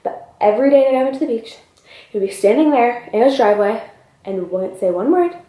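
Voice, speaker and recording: A young woman vlogger telling a story in an animated, breathless way, peppered with "like", in a roomy space. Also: a little high, fairly quick. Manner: animated, breathless retelling full of "like". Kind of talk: storytime vlog.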